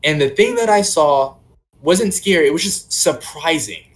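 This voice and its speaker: A man's voice: a little high, animated, normal speed. Young man rambling through a story. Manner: rambling, many "like" and "um" fillers. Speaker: podcast co-host. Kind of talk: casual storytelling chat.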